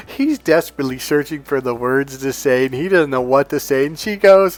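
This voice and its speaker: A man's voice: medium pitch, a little fast, few pauses. A man telling a story and acting out the people in it as a dating coach. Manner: animated, acts out the people in the story. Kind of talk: storytelling to camera.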